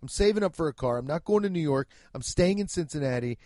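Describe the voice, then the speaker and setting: A man in his thirties delivers a profane, mocking comedy rant as a podcast host. His voice sits a bit high for a man. The recording is close and dry, with no room sound. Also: lively intonation, fast talker, darkish tone, no echo.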